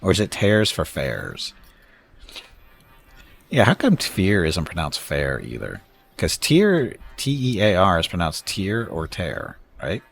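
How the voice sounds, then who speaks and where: Gravelly low-voiced man streaming a game. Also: wildly swooping pitch, moderate pace. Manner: rambling, chatty, thanks viewers, jokes about words. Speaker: streamer playing a space strategy game. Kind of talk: casual live-stream commentary.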